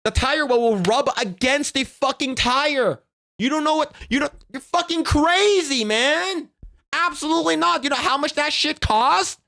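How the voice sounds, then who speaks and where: A man voicing an outraged male rideshare driver who rants in a profane, high-pitched and indignant way. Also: unhurried, creaky, bright, forceful tone, heavily acted.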